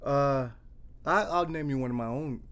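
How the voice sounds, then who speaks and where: Animated middle-aged man telling stories. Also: mid-range voice, moderate pace, clear, resonant tone. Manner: animated storyteller, acts out dialogue, repeats and restarts. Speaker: trauma therapist. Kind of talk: storytelling in casual conversation.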